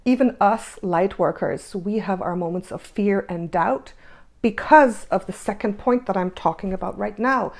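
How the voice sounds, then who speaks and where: Her voice is a medium-pitched woman's voice with a slightly mellow quality. She hosts a spiritual energy-update monologue, speaking emphatically, repeating phrases and posing rhetorical questions.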